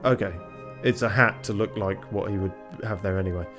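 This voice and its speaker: A man streaming a game, chatting casually with relaxed, mumbling asides. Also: lowish voice, brisk, music in the background. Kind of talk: casual let's-play commentary.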